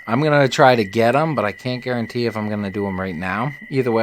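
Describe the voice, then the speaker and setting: Low-voiced man joking through a game. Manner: joking, talks to his viewers, swears freely. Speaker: gaming video creator. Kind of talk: casual let's-play commentary.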